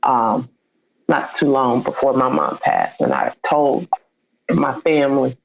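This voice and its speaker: A woman's voice: very deep voice, big pitch swings, slow pace, creaky, lo-fi sound, a little hiss or hum. A woman guest in an interview, telling a personal story with feeling and acting out the dialogue she quotes. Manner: heartfelt, acts out quoted dialogue.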